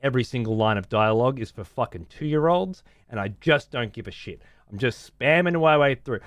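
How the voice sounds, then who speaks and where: A man's voice: mid-range voice, animated, fairly quick, no room sound, clean studio sound. A man ranting casually as a streamer, sarcastic, profane and exasperated.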